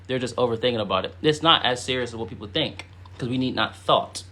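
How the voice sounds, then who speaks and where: Speaking fast at medium pitch, a man runs a spiritual live stream where he teaches informally and reads comments from the chat. He's animated, uses many fillers, and breaks into sudden loud, emphatic outbursts.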